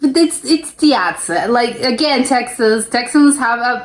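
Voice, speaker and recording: A woman's voice: on the high side, sing-song, moderate pace, few pauses, reverberant. An American woman hosting a reaction video, talking casually and hesitantly, with lots of "like" and restarts. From United States. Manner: chatty and hesitant, full of "like" and restarts.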